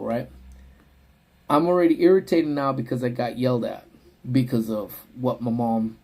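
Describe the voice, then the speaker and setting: Man, livestream host, husky mid voice; animated storyteller chatting to viewers. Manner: animated, voices quoted people in high yelps. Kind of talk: casual storytelling to live chat. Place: parked car.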